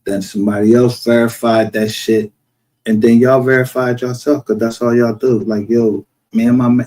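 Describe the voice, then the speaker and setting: A man's voice: medium pitch, little pitch movement, moderate pace, mellow, rough recording. A man ranting in a casual livestream commentary, profane, heated and rambling as he calls people out. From northern United States. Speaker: streamer. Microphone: home streaming setup.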